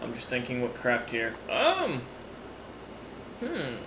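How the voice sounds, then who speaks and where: A man's voice: medium pitch, wildly swooping pitch, takes it slowly, echoey room, noisy background. A man narrating as game master of a tabletop game, rambling with many fillers and restarts.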